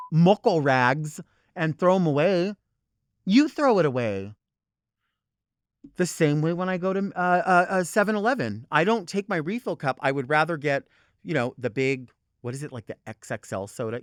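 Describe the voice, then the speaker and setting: Brief: male talk host, sassy profane rant, bright swooping delivery, dry close sound. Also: fairly high pitch, no room sound. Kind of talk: unscripted comic rant.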